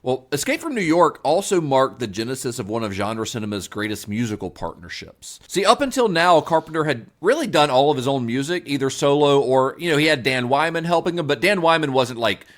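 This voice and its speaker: A man's voice: mid-range voice, a little fast, hardly any pauses. A man co-hosting a casual film-history podcast, moving between prepared segments and loose chat, laughing often. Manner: lively, reads prepared segues, laughs often. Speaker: podcast co-host.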